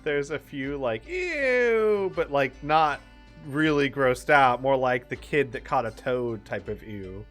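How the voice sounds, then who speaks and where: A man narrating as game master for a tabletop game, relaxed and chatty, with many fillers and laughs. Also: medium pitch, unhurried, faint music behind.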